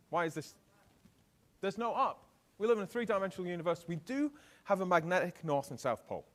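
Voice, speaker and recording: A middle-aged man with a British accent giving a lively conference keynote, often putting questions to the audience. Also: on the high side. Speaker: keynote speaker.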